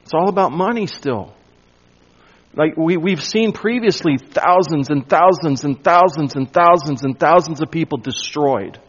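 Unhurried and a little rough, a male pastor with a slightly high voice expounds scripture in a sermon. He stresses key lines forcefully and drops into a near-whisper for weight, all captured on a dull, lo-fi recording.

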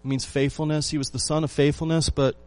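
Quick-paced and level in tone, a pastor with a higher voice preaches to his listeners. He asks them rhetorical questions, repeats phrases for emphasis and moves between loud and hushed lines.

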